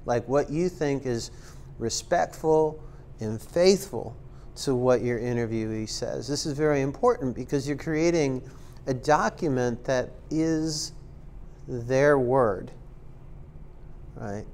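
A man's voice: mid-range voice, slow, darkish tone, a little hiss or hum. A man giving a casual spoken tutorial as an instructor, rambling with lots of ums and likes and making self-aware, joking asides. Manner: rambling and filler-heavy, many ums and likes. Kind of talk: casual screen-recorded tutorial talk.

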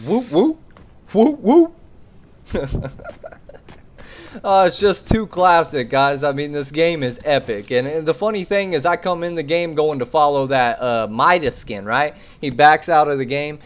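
A man telling a story in laid-back, slangy gameplay commentary, breaking into bursts of excitement. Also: on the high side, normal speed, hardly any pauses, clear, resonant tone. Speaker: gaming YouTuber.

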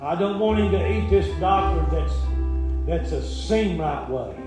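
Brief: high-voiced evangelist man, folksy sermon, very echoey hall, faint music. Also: lively intonation, measured pace. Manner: folksy, frequent "uh" fillers, asks the congregation questions. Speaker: evangelist preacher. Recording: very echoey church room with music behind.

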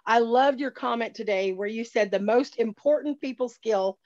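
A woman's voice: fairly high pitch, moderate pace, darkish tone, dull audio. A woman from North Carolina with a Southern accent, calling in to give heartfelt thanks. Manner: gushing and heartfelt. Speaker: caller. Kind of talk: call-in thanks.

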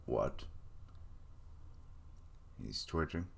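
A man's voice: deep voice, lively intonation, slow. A man giving casual live reaction commentary on an anime, blurting out surprised remarks and swearing casually. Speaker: reaction streamer.

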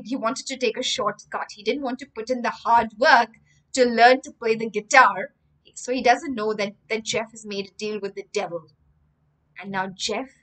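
A woman with an Indian English accent, wrapping up a children's story on a livestream. She speaks directly to the kids in a friendly teaching tone. Her voice sits fairly high and has a bright, crisp edge. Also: low-quality recording.

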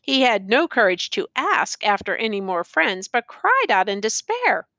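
Expressive woman reading an audiobook. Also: medium pitch, unhurried, hardly any pauses, no room sound. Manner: expressive, storytelling. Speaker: narrator. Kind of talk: audiobook reading of a classic tale.

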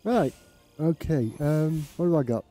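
A man's voice: a little high, animated, measured pace, poor audio. A man streaming a game, chatting casually to himself and saying his accent drifts toward British. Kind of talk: casual gameplay commentary. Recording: loud game music behind.

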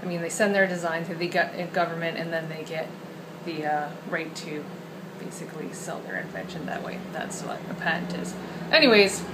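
A woman author talks casually to camera indoors, her voice sitting a little low. She rambles and fills pauses with ums. The home video carries a steady hiss of background noise. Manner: chatty, rambling, with many fillers. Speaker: children's book author.

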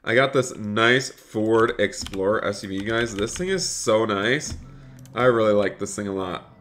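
Young male game streamer, bright forceful tone, upbeat chatter to viewers. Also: fairly low pitch, unhurried, soft background music. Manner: upbeat, reads chat aloud and thanks viewers. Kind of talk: live game-stream chat.

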